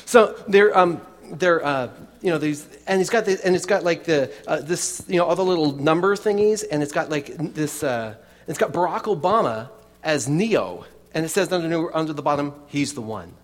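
A man's voice: a little high, expressive, normal speed, long reverb tail. A man preaching a sermon in a chatty way, with many restarts and asides to the congregation. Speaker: pastor.

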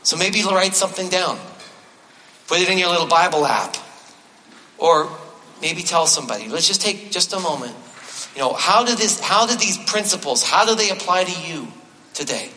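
A man preaches as pastor in a church sanctuary, high-pitched, animated, bright and forceful at normal speed, with a little hiss or hum in the audio. He keeps it conversational with bits of self-deprecating humor and repeats key phrases for emphasis. The recording has a large hall's long reverb.

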